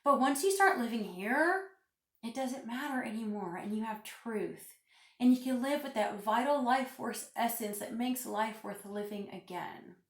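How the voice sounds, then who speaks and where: A woman's voice: on the high side, unhurried, echoey room. A woman giving an emphatic, preachy spiritual vlog talk into her phone, repeating phrases for stress. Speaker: spiritual vlogger. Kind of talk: casual vlog monologue.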